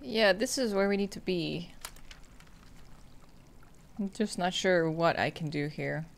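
A woman's voice: fairly low pitch, slow, gravelly. A woman streamer giving casual, chatty commentary while she plays and eats. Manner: chatty, giggly, eating while talking. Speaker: streamer playing a game.

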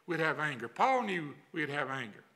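A man's voice: on the high side, big pitch swings, moderate pace, sharp tone. An older man preaching a sermon as pastor, in a folksy, repetitive cadence. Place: church sanctuary.

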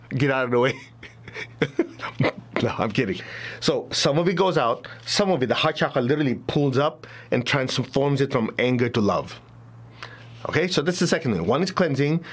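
A man teaching a spiritual class in a loose, chatty way, often laughing and acting out little examples. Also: medium pitch. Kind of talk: casual talk to a class.

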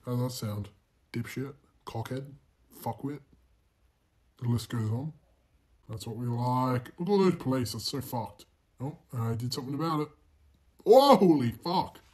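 A young man commentating his own racing game playthrough, swearing constantly, mocking himself and bursting into loud exclamations. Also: medium pitch, moderate pace, pauses often, breathy edge. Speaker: gaming channel host.

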